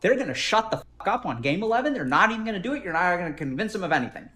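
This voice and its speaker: Brief: male advice-giver, fast, animated pitch, emphatic repetitive coaching. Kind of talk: conversational advice.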